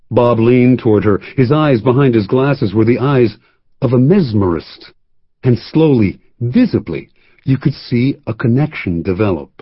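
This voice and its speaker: A man narrating a first-person story from a script in an animated storytelling way. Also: fairly low pitch, breathy edge, no room sound. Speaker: audiobook narrator. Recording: dull, dry studio sound.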